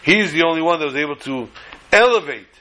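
A man's voice: on the high side, animated, quick pace, pushed and bright, rough recording. A man giving an earnest Torah lecture, mixing in Hebrew and Yiddish terms and telling a story.

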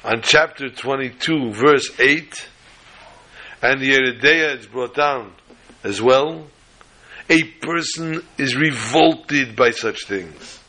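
A man delivers a Torah lesson as a lively sermon, spinning a story and chuckling along the way. His voice is bright and forceful, and he drops in Hebrew quotations as he teaches. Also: mid-range voice, takes it slowly, low-quality recording. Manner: animated, chuckling, quotes Hebrew sources.

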